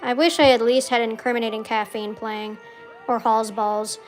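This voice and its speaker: High-voiced young woman ranting over gameplay. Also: steady tone, moderate pace, soft background music. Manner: frustrated, swearing, ranting at the game; muttering quietly to herself. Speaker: gaming streamer. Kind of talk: casual gameplay commentary.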